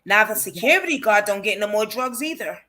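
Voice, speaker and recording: A woman's voice: mid-range voice, expressive, a little fast, pushed and bright. A woman hosting a true crime interview over a call, often reacting with short exclamations. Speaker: true crime channel host.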